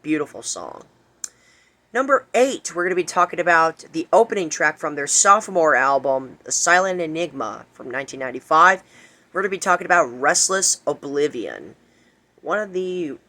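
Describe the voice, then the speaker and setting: Bright, eager young man ranking songs. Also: on the high side. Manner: enthusiastic, repeats words, stretches words for emphasis. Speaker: music video host. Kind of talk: casual music countdown commentary.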